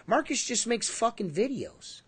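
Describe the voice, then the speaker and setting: A man's voice: very high voice, very animated, unhurried, breathy edge, dry recording. A man co-hosting a casual livestream podcast, rambling and emphatic with a lot of swearing. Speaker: podcast co-host.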